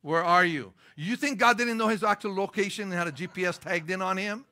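A middle-aged male pastor preaching with a bright, forceful edge to his fairly high voice. He drives points home with sudden stressed lines, then drops into easygoing storytelling asides. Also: fast talker. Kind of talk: sermon.

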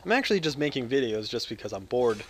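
A man from the United States giving rambling gameplay commentary, loud and jokey with crude humor, swinging between yelling and mumbling. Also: mid-range voice, very animated, quick pace, slight background noise. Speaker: gaming video creator.

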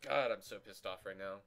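A young man swearing and ranting furiously as he comments on his own gameplay, breaking into shouted insults. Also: lowish voice, creaky. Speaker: gaming channel host.

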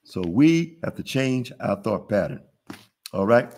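A man's voice: fairly low pitch, sing-song, a little slow, darkish tone. A man hosting a business webinar, talking in a casual, preachy way with lots of call-and-response questions. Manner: preachy, call-and-response, laughs at own jokes. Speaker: webinar host, business funding teacher. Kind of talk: casual motivational webinar teaching.

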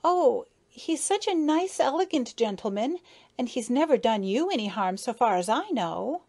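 A woman voicing a brave little young female honeybee in a storybook reading, high and earnest. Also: sing-song, normal speed, darkish tone. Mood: pleading. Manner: high, pleading then fiercely defiant.

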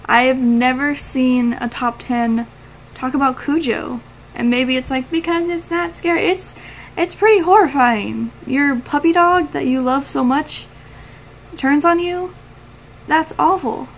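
A woman's voice: high voice, takes it slowly, a little hiss or hum, low-quality recording. Gushing woman vlogger chatting about films. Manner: gushing, enthusiastic, laughs often. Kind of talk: casual movie-review chat.

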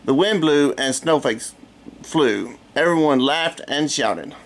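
A middle-aged man reading a children's storybook aloud in a relaxed way, with chatty asides. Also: a little high, takes it slowly.

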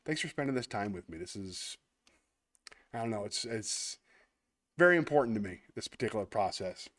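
A man's voice: on the low side, animated, moderate pace, fairly bright tone. A man hosting a casual online show, chatting as he plays a word game, thinking aloud and poking fun at himself, then thanking his viewers sincerely. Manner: chatty, self-mocking, thinks aloud while playing. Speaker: host. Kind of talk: casual livestream chat while playing a word game; warm heartfelt sign-off to viewers.

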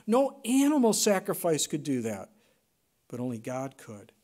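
High-voiced pastor with dramatic swings. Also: male voice, huge pitch swings, measured pace. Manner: dramatic swings from loud emphasis to hushed near-whisper. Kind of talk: sermon.

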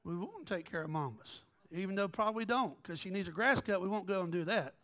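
A male pastor delivers a lively storytelling sermon, slipping in and out of quoted voices and jokes. His voice sits fairly high for a man. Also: a little fast. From American South. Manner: animated, joking, jumps between quoted voices.

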